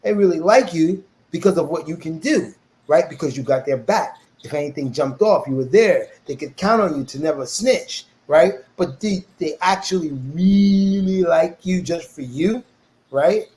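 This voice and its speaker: Animated New man telling his story. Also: a little high, moderate pace, low-quality recording. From New York, USA. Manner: animated storyteller who acts out quoted voices. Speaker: interview guest. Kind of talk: casual storytelling interview.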